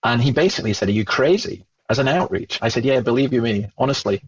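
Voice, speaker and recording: Husky Scottish man telling a story. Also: medium pitch, fast talker, highs cut off. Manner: animated, acts out remembered dialogue. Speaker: Christian speaker and guest. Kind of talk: storytelling in conversation.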